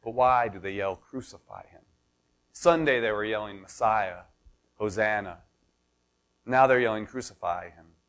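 Delivering a sermon, a man serving as pastor narrates in a conversational style, drawing on everyday examples. He steadily gains intensity, climbing to an impassioned pitch.

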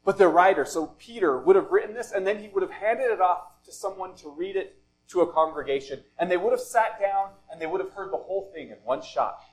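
A male pastor delivers a sermon in deliberate, measured phrases, his voice sitting fairly high for a man. He often lets a thought sink to a soft, low finish before going on. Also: poor audio.

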